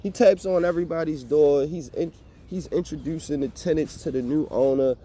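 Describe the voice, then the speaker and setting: A young man telling a storytime vlog rant, animated, profane and exasperated. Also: a little high, moderate pace. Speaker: vlogger.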